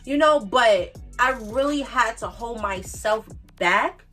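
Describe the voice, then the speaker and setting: A woman in her twenties from the Bronx, New York, with a New York accent, telling a storytime tale in an animated, emphatic way and repeating her points. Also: on the high side, takes it slowly, distant mic, soft background music. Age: 20s. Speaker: vlogger. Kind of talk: casual storytime monologue.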